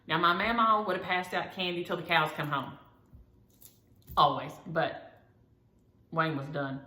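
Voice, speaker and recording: A woman's voice: low voice, fairly even intonation, measured pace, sharp tone, roomy sound. A woman, chatting to her viewers as a cross-stitch vlogger and rambling through homespun stories. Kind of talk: casual chat to viewers.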